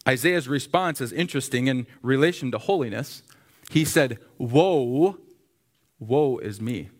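A man preaching a sermon to a congregation, speaking conversationally, asking questions and slowing down to stress key words. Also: a little high, fairly bright tone. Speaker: pastor.

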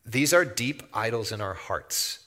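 A middle-aged man preaching a sermon as a pastor, talking conversationally and then swelling into loud, emphatic outbursts. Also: mid-range voice, expressive, unhurried. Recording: long hall reverb.

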